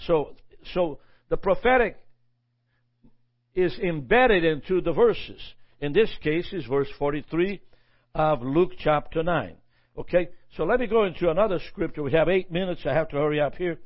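Slightly high-voiced preacher, lo-fi sound. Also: male voice, animated. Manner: halting, repeats words, reads scripture aloud. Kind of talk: sermon teaching. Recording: dull lo-fi recording.

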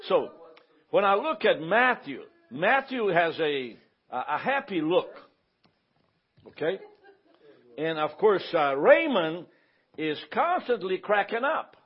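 A pastor teaching a church Bible class speaks conversationally, often asking the room to confirm they follow him. His high, slightly rough voice swings widely in pitch, and he talks slowly with frequent pauses, on a dull lo-fi recording.

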